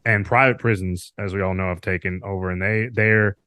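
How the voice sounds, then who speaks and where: A man's voice: sits low, steady tone, a little fast, bright, forceful tone, smooth, dry recording, studio quality. A man hosting a podcast, talking loosely with lots of fillers and some swearing. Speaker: podcast host. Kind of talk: casual podcast chat. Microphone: remote call mic.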